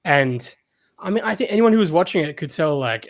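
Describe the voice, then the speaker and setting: A man's voice: on the high side, animated, fairly quick. An Australian man guesting on a podcast, speaking casually and hesitantly with many fillers. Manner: hesitant, many ums and restarts. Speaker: guest content creator. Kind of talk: casual interview.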